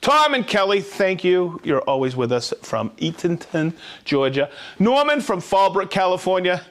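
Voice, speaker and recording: A man's voice: sits high, very animated, normal speed, a bit bright. A man hosting a live stream, reading out viewers' names and hometowns in an upbeat way with whoops. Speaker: livestream host.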